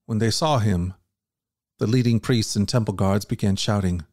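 Male podcast host reading scripture; earnest, even, dry studio voice. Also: lowish voice, moderate pace, no room sound. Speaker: host and Bible reader.

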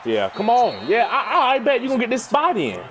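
A man's voice: extremely high pitch, huge pitch swings, a little fast, fairly bright tone. Hyped young man trash-talking over a game. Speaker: gaming YouTuber. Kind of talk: live gameplay commentary.

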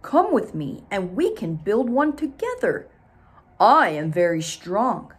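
A woman reading aloud, voicing a big, strong, gentle bear in a slow, loud, emphatic way. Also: medium pitch, big pitch swings, husky, full character voice. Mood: eager.

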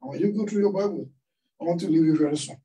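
A man's voice: high-pitched, rapid-fire, mellow, recorded from a distance, low-quality recording. A man preaching a sermon, telling a story and tossing questions out to the congregation. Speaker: pastor. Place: church hall.

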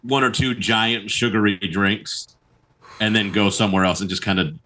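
A man's voice: on the low side, fairly even intonation, moderate pace, bright, forceful tone, low-quality recording. A middle-aged man co-hosting a comedy podcast, chatting casually and playfully, sliding into silly exaggerated voices. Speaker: podcast co-host.

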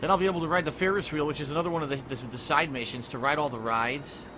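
A man's voice: on the high side, fairly even intonation, fast talker, noisy background. A man giving casual gameplay commentary, muttering to himself and breaking into frustrated outbursts with frequent swearing. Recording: game music playing behind the voice.

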